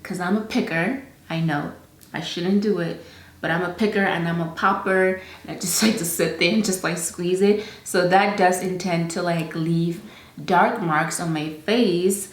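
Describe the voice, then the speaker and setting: A young woman with an African accent talks through beauty products as a casual vlog, chatty and full of "like" fillers. Her voice sits a little low for a woman. The sound is echoey, as if recorded in a bare room. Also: fairly even intonation. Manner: chatty, lots of "like" fillers, slow in spots. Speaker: beauty vlogger.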